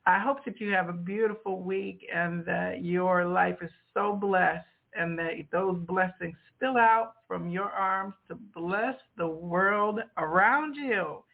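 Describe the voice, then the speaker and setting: Slow, gravelly woman host on a phone line. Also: on the low side. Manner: gentle, thankful, spiritual closing words. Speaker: podcast host. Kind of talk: casual interview chat.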